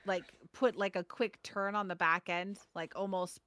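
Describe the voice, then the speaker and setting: A woman's voice: medium pitch, steady tone, normal speed, a bit bright, no room sound. A woman playing a tabletop game, thinking aloud about her character's moves. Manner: thinking aloud, hesitant with restarts. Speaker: player. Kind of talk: tabletop role-play.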